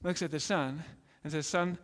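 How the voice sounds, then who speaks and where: A man's voice: sits high, a little slow, fairly bright tone, in a large hall. A man preaching a sermon as a pastor, telling a story in an earnest way that repeats itself and often restarts.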